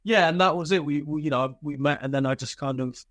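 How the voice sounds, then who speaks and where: A British army veteran, appearing as a podcast guest, tells war stories in a casual interview, candid and relaxed, swearing freely and full of fillers and restarts. His voice runs on the high side, fairly quick and a bit bright. The recording is studio quality with no room sound.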